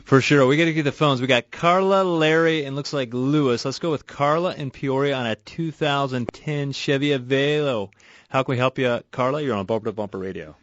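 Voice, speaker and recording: Chatty radio host, dry muffled sound. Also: male voice, medium pitch, brisk, no echo. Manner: conversational, repeats words and restarts, laughs easily. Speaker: radio show host and auto repair shop owner. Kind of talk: casual radio call-in chat. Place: radio studio. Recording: muffled radio broadcast audio.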